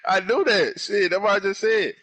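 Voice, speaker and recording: A young man giving live commentary on his own gameplay, loud and full of profane trash talk. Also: sits high. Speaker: gamer.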